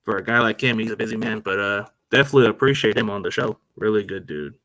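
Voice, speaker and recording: Dude hosting a sports podcast off his laptop, bright kinda tense voice, super casual rambling. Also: on the low side, fast talker, dry recording. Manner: rambling, slangy, addresses listeners as man and dude. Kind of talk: casual chat. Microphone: laptop microphone.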